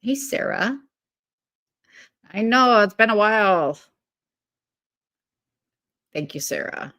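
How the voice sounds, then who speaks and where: Casting: woman, livestream host, chatty and giggly, middle-pitched, rambling delivery. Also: expressive, takes it slowly, bright, forceful tone. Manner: chatty, greets viewers by name, giggly; rambling with many fillers and restarts. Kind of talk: casual livestream chat.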